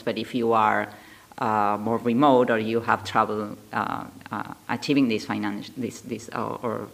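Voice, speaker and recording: A woman's voice: a bass voice, gravelly. A woman co-hosting a podcast, asking questions and searching for her words with frequent restarts. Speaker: co-host. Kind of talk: podcast conversation.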